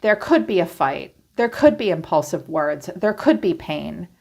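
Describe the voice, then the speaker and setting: A woman's voice: on the low side, sing-song, unhurried, gravelly, darkish tone. Chatty, blunt woman reading tarot. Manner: chatty, blunt, swears freely, acts out quoted thoughts. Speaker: tarot reader. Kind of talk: casual tarot reading monologue.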